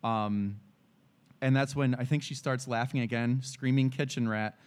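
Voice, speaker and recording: A man's voice: mid-range voice, fairly even intonation, normal speed. Man retelling an episode in detail. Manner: careful, detailed retelling with fillers. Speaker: podcast co-host. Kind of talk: casual chat recapping a TV episode.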